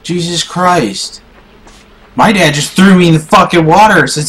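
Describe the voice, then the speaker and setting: A young man playing a video game and commenting as he goes, swearing a lot and swinging from low muttering to shouting in frustration. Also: moderate pace. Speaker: gaming YouTuber. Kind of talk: raging gameplay commentary.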